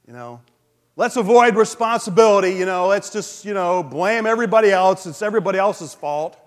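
A male pastor preaching a sermon in a relaxed, conversational way, with frequent fillers. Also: high voice, a little fast. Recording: long hall reverb.

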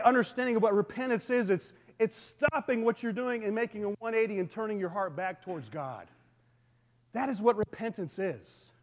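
Guy preaching in church, pretty high voice, lots of restarts, big echoey hall. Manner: earnest storytelling with frequent restarts. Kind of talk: sermon. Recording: long reverb of a large hall.

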